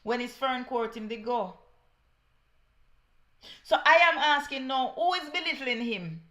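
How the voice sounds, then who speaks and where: A woman's voice: sits high, animated, a little slow, sharp tone. A woman with a Jamaican accent giving heated political commentary, scornful and mixing patois with English.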